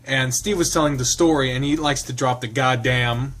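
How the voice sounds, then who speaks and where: Male game streamer, narrates the visual novel aloud, halting commentary with frequent laughs. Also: mid-range voice, fairly even intonation, fairly bright tone, a little hiss or hum.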